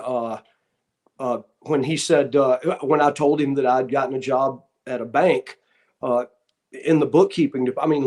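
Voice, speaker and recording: A man from the Florida Panhandle, a guest who tells casual stories about his start in wrestling and acts out what other people said. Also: medium pitch. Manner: animated anecdotes, acting out what others said. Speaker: guest, former wrestler and referee. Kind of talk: casual storytelling.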